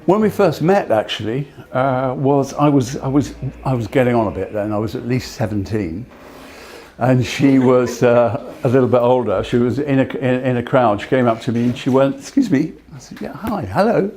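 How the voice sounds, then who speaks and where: An older man giving a talk, telling personal stories in a halting way with frequent restarts. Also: mid-range voice, darkish tone.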